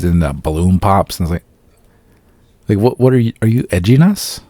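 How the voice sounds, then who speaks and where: A man with a low, mellow voice talks through a film review in a loose, profane, sarcastic way. He keeps slipping into mocking impressions of the characters. The sound is dry and close. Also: dry recording. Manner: profane, sarcastic, mimics characters in quick asides. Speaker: podcast host reviewing a film. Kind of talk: casual solo review.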